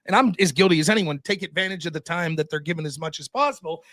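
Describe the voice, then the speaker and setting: A man talking as a podcast guest in casual chat, animated and profane, acting out quoted back-and-forths from debates. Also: a little high, fast. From outside the United States. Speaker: podcast guest taking over the show.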